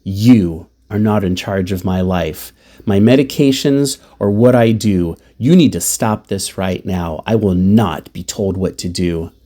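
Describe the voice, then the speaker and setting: A woman's voice: extremely low pitch, measured pace, warm tone. A man voicing his stubborn elderly mother, who speaks in an imperious, indignant way.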